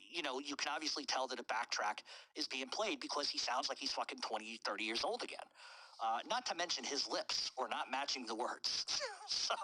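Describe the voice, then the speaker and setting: A man's voice: mid-range voice, pushed and bright, rough recording. A man casually telling a profane comic story from his own life. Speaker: storyteller host.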